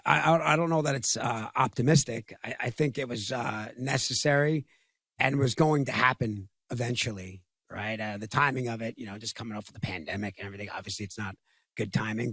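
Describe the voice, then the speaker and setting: A middle-aged man talking as a podcast guest in casual conversation, halting and often repeating his words. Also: medium pitch, fairly bright tone, dry recording.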